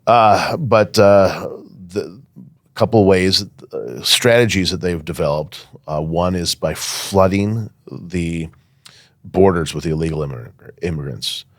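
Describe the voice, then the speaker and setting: A man's voice: deep voice, slow pace, no echo, studio quality. A man speaking as a guest in a podcast interview, emphatic and insistent, with frequent fillers. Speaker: guest, firearms safety academy owner.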